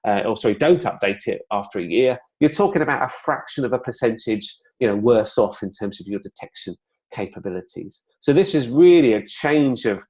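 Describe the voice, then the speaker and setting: A man giving an explanatory webinar presentation in a conversational, relaxed way, with plenty of fillers and asides. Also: mid-range voice, brisk.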